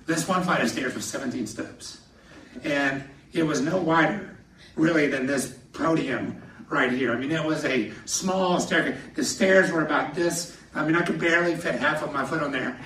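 A man with a voice on the high side preaches at normal speed from a church podium, laughing through lively personal anecdotes. The recording sounds echoey and somewhat distant, like a large hall.

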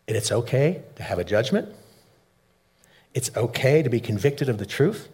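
A man preaching a sermon, shifting between soft low asides and loud, emphatic peaks. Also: husky. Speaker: pastor.

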